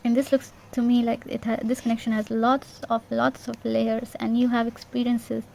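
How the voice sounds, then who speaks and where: Woman, tarot reader, gravelly voice, mellow tone, reassuring, repetitive, faint background hum. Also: a little high, level tone, moderate pace. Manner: gentle, repetitive, reassuring with frequent "yeah?". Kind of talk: casual intuitive tarot reading.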